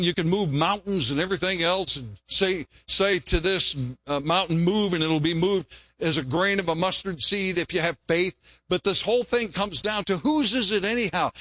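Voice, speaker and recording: Male preacher, high and bright, earnest, dry close sound. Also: no echo. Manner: earnest, repeats phrases, rises when quoting prayers. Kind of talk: sermon.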